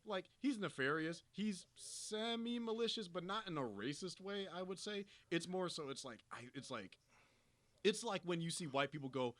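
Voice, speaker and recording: A man's voice: high voice, lively intonation, moderate pace, a bit bright. A man co-hosting a casual film review, blunt and profane, acting out quoted voices and laughing.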